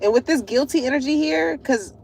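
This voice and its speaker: A woman giving a casual tarot reading to her viewers, animated and slangy, laughing often. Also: high voice, a little fast, vocal fry, slight background noise. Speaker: tarot reader.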